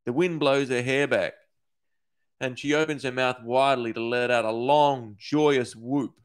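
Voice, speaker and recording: A man from Australia, an author, reading his dark short story aloud in a steady, measured way. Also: medium pitch, clean tone.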